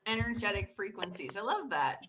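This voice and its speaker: A woman's voice: medium pitch, sing-song, brisk, a bit bright, slight background noise, poor audio. A woman co-hosting a casual livestream, upbeat as she reads viewer questions aloud. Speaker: co-host reading viewer questions.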